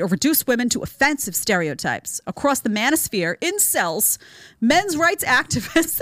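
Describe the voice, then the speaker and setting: Lively, sarcastic woman podcast host. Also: fairly high pitch, no echo. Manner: sarcastic, exasperated, mocking; reads article excerpts aloud with scornful asides. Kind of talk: opinionated commentary show.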